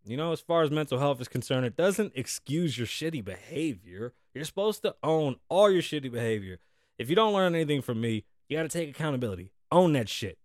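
A man's voice: fairly high pitch, very animated, brisk, darkish tone, dry recording, clean studio sound. A man hosting a podcast, chatting loosely with lots of swearing and jokes, and reading news stories aloud. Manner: profane, joking, loose and rambling. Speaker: podcast host.

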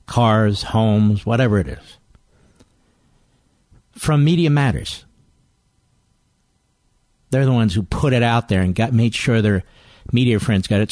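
A man's voice: mid-range voice, darkish tone, dry recording. A man hosting a political talk radio show, delivering a combative monologue and reading headlines aloud with rising emphasis into a studio microphone.

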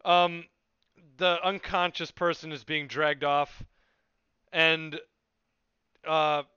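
Slow, bright-voiced male game master. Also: a little high, fairly even intonation, smooth, dry recording, lo-fi sound. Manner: unhurried, with many fillers. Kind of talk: narrating a tabletop game.

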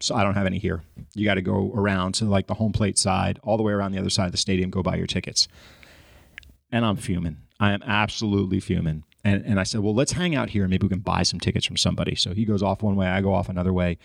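Brief: male podcast guest, rapid-fire anecdote, dry close sound. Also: deep voice, vocal fry, dry recording. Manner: animated storyteller, acts out his own frustration. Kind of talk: storytelling in casual podcast chat.

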